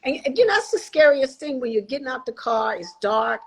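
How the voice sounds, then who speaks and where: A woman in her sixties, a guest telling her life story in an interview, animated and acting out the voices of people she quotes. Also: high-pitched, a little fast, slightly rough, poor audio. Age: 60s.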